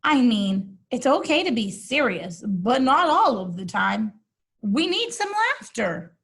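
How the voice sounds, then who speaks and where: A woman's voice: a little high, very animated, slow, fairly bright tone, full character voice. Woman voicing a scheming, determined cow. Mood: urging.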